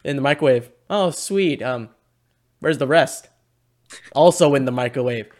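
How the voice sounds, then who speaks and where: A man's voice: mid-range voice, unhurried, darkish tone. A young man co-hosting a podcast, telling stories in casual chat and laughing often. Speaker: podcast co-host.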